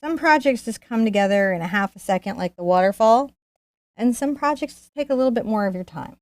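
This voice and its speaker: A woman's voice: mid-range voice, animated, brisk, darkish tone, dry recording, clean studio sound. A woman teaching a live painting lesson, jittery and laughing nervously. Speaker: painting instructor. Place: art studio.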